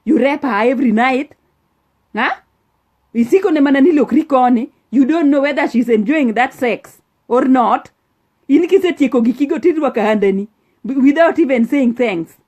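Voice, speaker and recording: A woman's voice: high-pitched, expressive, normal speed, darkish tone. A woman preaching a sermon, earnest and scolding, switching into English often.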